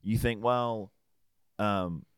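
Low-voiced rambling Australian man. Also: very slow, clean tone, dry recording. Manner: rambling, swears freely, laughs often. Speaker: podcast co-host. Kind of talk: casual chat.

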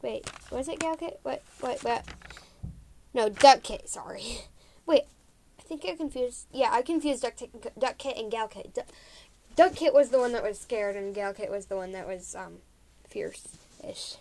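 A woman chats through a recap of her role-play story in a loose, rambling way, laughing often and filling pauses with "um" and "like". Her voice sits a little high, with a faint hum behind. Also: mellow. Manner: rambling, giggly, many fillers.

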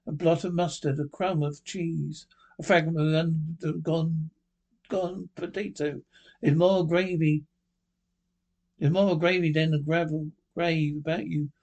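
A man's voice: fairly high pitch, level tone, measured pace, a little mellow, highs cut off. Man reading as a scared old miser. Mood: frightened. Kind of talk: storybook reading.

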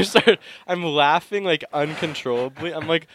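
A man's voice: on the high side, animated, normal speed, fairly bright tone, slight background noise. Young man telling rambling stories. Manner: rambling storytelling full of fillers and laughter. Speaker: podcast co-host. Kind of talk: casual chat.

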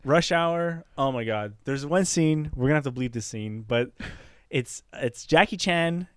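A man co-hosting a podcast in casual chat, telling stories in an animated way and laughing often. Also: fairly high pitch, a little slow, clear, resonant tone, dry recording, studio quality. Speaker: podcast co-host.

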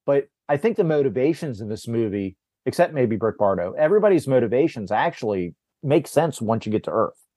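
A man hosting a casual movie podcast, retelling scenes in a rambling way with many restarts and quick put-on quotes of the characters. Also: medium pitch, animated, mellow, dry recording, clean studio sound. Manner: rambling recap, acts out character lines, frequent restarts. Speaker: podcast host.

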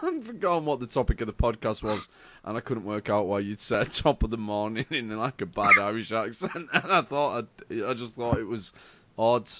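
A man chats on a podcast, giggly and quick to crack up. His pitch swoops widely as he talks. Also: sing-song, a bit bright, slight background noise. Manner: giggly, easily set off laughing. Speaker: podcast co-host. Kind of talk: casual podcast chat.

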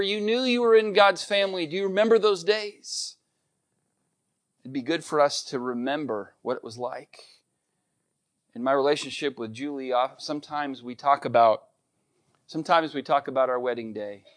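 A man's voice: a little high, a bit bright. A middle-aged man preaching a sermon, earnest and emphatic, repeating key points. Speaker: pastor.

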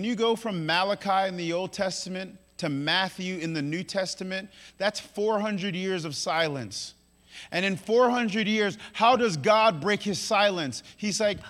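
A man preaches with a strikingly high, bright voice that rings through a long hall reverb. He hammers key lines by repeating them and swings between loud declarations and hushed asides. Playful quips break up the sermon. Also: unhurried. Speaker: pastor.

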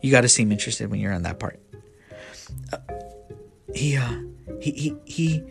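A man casually telling a story to his viewers about his time as a manager, animated and profane, and acting out both sides of the dialogue. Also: medium pitch, moderate pace, gravelly, over music.

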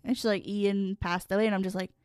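A young woman co-hosting a casual podcast chat, telling stories with loud acted-out quotes and plenty of swearing. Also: medium pitch, fast, clean tone, no room sound, clean studio sound. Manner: animated storytelling, swears freely, acts out quotes loudly. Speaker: podcast co-host.

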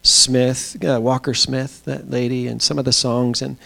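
A man's voice: mid-range voice, flat delivery, creaky, bright, forceful tone. Man preaching in an easy storytelling way. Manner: storytelling, conversational with pauses and fillers. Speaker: pastor. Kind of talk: sermon. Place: small church.

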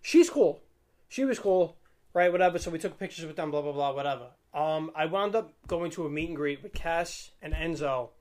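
A man's voice: a little high, expressive, normal speed, darkish tone. A young man telling a rambling, slangy story in casual chat, laughing as he goes. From Staten Island, New York.

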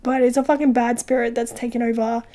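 A woman recapping a horror film in casual chat, animated and profane, swearing often. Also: fairly high pitch, quick pace, a crowd in the background. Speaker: podcast co-host recapping a film.

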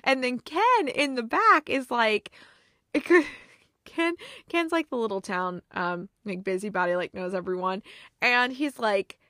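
A woman with a fairly high, bright, forceful voice recaps a movie plot in a loose, animated way, laughing often and leaning on "like". She hosts a review show, recorded close and dry with no room sound. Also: unhurried, dry recording. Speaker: movie review podcast host. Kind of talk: casual chatty plot recap.

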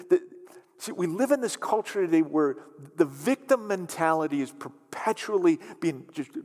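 A male pastor preaches with emphasis, repeating his key phrases and stretching some words out slowly. His voice sits high and swings widely in pitch, and it carries the long reverb of a large church hall. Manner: emphatic, repeats phrases, shifts between quick and slow drawn-out words. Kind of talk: sermon.

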